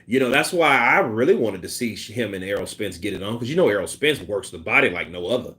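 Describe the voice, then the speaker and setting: A man's voice: lowish voice, lively intonation, fast talker, pushed and bright. A man hosting a casual boxing live stream, reading chat and talking loosely with profanity and laughter. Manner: imitates punch sounds and quotes people in put-on voices.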